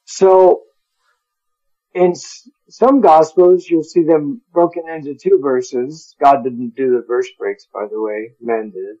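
Slow, deliberate man teaching Bible Greek. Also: fairly high pitch, steady tone, warm tone, muffled recording. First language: English. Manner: slow, deliberate, spells out Greek words, chuckles at own stumbles.

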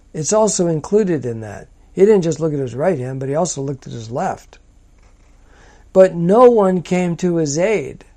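A man teaching from a psalm in a slow, deliberate, emphatic manner. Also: on the high side, dark tone. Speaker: preacher.

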